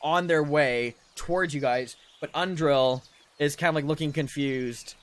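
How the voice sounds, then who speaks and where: A man's voice: fairly high pitch, unhurried. A man narrating as dungeon master, loose and rambling, with lots of fillers. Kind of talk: narrating a tabletop game.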